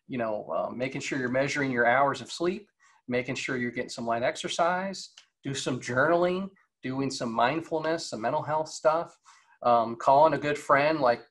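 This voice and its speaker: A man in his forties giving a casual motivational talk over a video call, conversational and full of fillers and rhetorical questions. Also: mid-range voice. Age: 40s. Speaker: guest speaker on leadership.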